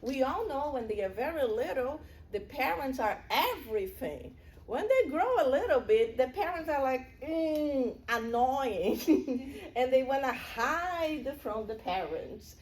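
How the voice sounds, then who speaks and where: A woman's voice: high voice, expressive, a little slow, darkish tone, slight background noise. A middle-aged woman giving a public spiritual lecture in an earnest, conversational way, with personal stories.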